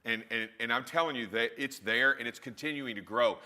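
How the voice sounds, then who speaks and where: A man co-hosting a live trucking broadcast and handling the weather, talking emphatically and stumbling over repeated words before he gets going. His tone is piercingly bright and edgy at an ordinary male pitch. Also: brisk. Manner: emphatic, repeats words when starting sentences. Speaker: co-host and weather presenter.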